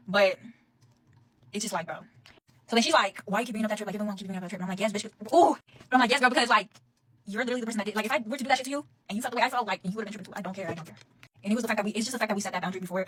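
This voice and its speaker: A young woman rattles through a story at a breakneck pace, swearing freely and getting fired up as she talks to her phone. Her pitch sits in an ordinary middle range, and a faint hiss of background noise runs under the recording. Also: fairly bright tone, poor audio. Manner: fast, profane, heated storytelling. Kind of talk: casual storytime rant. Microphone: phone camera.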